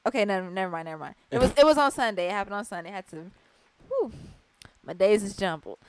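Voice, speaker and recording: A young woman, co-hosting a podcast and telling stories in a lively, casual way. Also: mid-range voice, quick pace, smooth, no room sound. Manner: animated storyteller, laughing and acting out moments. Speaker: podcast co-host. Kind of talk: casual chat.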